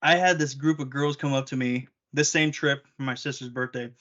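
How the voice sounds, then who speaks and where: Bright-voiced man telling a lively story. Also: mid-range voice, fairly quick. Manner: animated storyteller acting out quotes. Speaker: podcast co-host. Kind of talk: casual chat. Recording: dull lo-fi recording.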